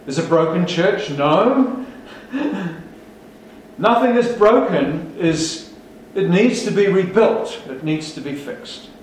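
Speaking slowly in a high-pitched voice with lively intonation, a male pastor delivers a rousing, emphatic sermon and asks his congregation rhetorical questions. The recording comes from a large, echoey church hall with him far from the mic and a little hiss or hum.

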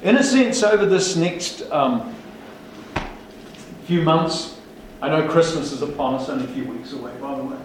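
Emphatic preacher in an echoey hall. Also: male voice, a little high, expressive, moderate pace, background noise. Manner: emphatic, rhetorical questions, rousing. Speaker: pastor. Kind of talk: sermon. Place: large church hall. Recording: echoey hall, speaker far from mic.

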